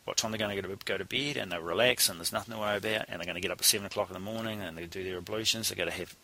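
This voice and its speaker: A man's voice: fairly low pitch, very fast, sharp tone. A man, a cycling coach telling a blunt, salty story in casual conversation.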